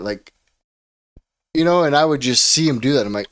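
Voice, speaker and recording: A man co-hosting a relaxed podcast chat, wandering through his thoughts with lots of fillers. His voice sits at an ordinary middle pitch. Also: a little fast. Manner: rambling, full of "like" and "you know". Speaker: podcast co-host. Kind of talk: casual chat.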